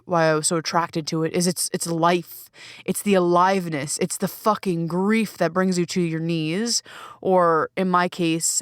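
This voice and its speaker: A woman's voice: on the low side, smooth, no room sound, studio quality. A woman hosting her own podcast and coaching, talking alone in a candid, emphatic way with plenty of swearing, recorded in a small closet. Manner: candid, profane, emphatic and expressive. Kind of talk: solo podcast monologue.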